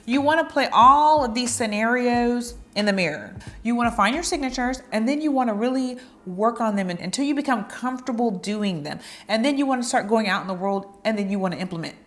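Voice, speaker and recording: Playful chatty woman giving dating advice. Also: fairly high pitch. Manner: chatty and playful, acting out little flirty quotes. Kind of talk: casual advice talk to camera.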